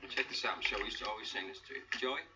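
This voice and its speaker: A man's voice: on the low side, rapid-fire, lightly acted. A man playing an upbeat, teasing uncle in a sitcom, heard in an old TV clip. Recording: distant muffled TV clip with loud background noise.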